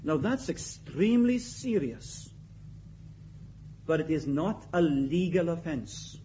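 A man preaching a sermon in an emphatic way, repeating his key phrases and swinging between loud and quiet. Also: on the high side, very animated, slow pace, muffled recording, a little hiss or hum.

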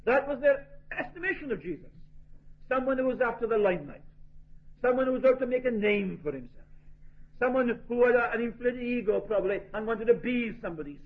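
A man's voice: high voice, slightly rough. A man preaching a sermon in an earnest, emphatic way, asking rhetorical questions. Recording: tinny phone-like lo-fi recording.

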